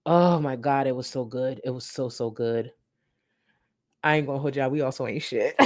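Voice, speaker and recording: A woman's voice: extremely low pitch, lively intonation, moderate pace, warm tone. A woman doing casual live-stream commentary. She talks bluntly, swears freely and slips into mocking sweetness. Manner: blunt, profane, sarcastic.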